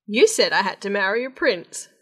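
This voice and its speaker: A woman voicing a clever, self-assured young princess in a storybook reading, calm and knowing. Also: medium pitch, moderate pace, husky. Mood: sly. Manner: calm, with a secret smile.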